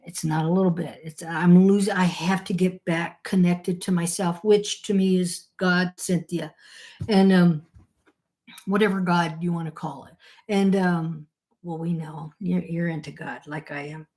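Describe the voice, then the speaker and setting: A woman's voice: lowish voice, fairly even intonation, unhurried, a little mellow. A woman co-hosting a podcast over a call, telling rambling stories in casual chat and swearing freely. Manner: candid, rambling storyteller who swears freely. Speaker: podcast co-host. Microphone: phone or call audio.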